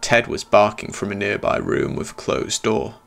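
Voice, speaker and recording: A man's voice: on the low side, lively intonation, normal speed, gravelly, fairly bright tone. A man narrating a scripted horror story in a tense, dramatic telling.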